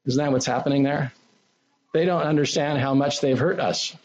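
Husky-voiced male preacher, conversational sermon. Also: medium pitch, moderate pace. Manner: conversational, animated, acts out quoted speech. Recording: dull lo-fi recording.

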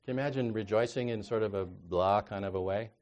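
A man preaching a sermon in a conversational way, reading scripture aloud and moving from quiet asides to loud, emphatic exhortation. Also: lowish voice, fast. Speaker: counselor.

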